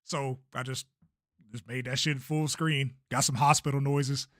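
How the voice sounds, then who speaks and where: A man's voice: mid-range voice, flat delivery, measured pace. A young man chatting casually on a livestream about his own video, laid-back and swearing freely. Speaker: streamer and creator.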